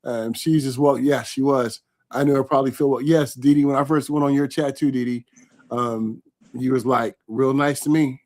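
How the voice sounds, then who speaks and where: A man from California hosting a live online interview, chatting warmly and reading out viewer comments as he goes. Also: mid-range voice, steady tone, moderate pace. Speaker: host.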